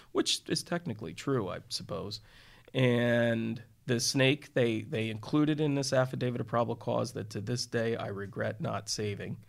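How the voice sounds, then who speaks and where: A middle-aged defense lawyer co-hosts a casual chat. His voice has a gravelly edge, and he sits at an ordinary, middling pitch. He rambles through an anecdote with dry, self-deprecating humor. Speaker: criminal defense attorney and podcast co-host.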